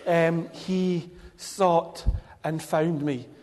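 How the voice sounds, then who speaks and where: A man leading a children's talk in a church service, speaking gently and playfully and calling children by name, into a handheld microphone. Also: fairly high pitch, steady tone, extremely slow. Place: church hall with congregation. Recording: reverberant hall.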